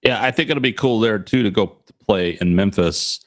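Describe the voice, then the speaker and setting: A man hosting a music podcast, talking in an easygoing, casual way. His voice sits low. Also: normal speed. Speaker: podcast host. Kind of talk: casual interview chat.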